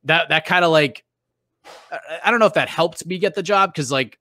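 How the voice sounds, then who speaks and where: A man's voice: a little high, normal speed, sharp tone, dry recording, studio quality. A man with a Boston accent, a guest on a podcast, telling stories in a chatty way with lots of restarts and fillers. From New England, US. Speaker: guest, MMA reporter. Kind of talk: casual podcast interview.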